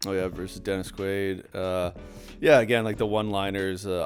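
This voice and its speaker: A man's voice: low voice, steady tone, moderate pace, faint music behind. A young man co-hosting a casual film chat, rambling with many fillers and restarts. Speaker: podcast co-host.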